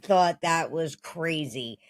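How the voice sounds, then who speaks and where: A host casually commenting on news and clips, talking in a rambling, relaxed way. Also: medium pitch, slow pace. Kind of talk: commentary vlog.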